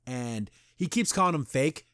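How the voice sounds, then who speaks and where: A man's voice: mid-range voice, expressive, normal speed, fairly bright tone, clean tone, no echo, studio quality. A man hosting a podcast, chatting casually and animatedly as he reviews an episode and retells its scenes. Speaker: podcast host.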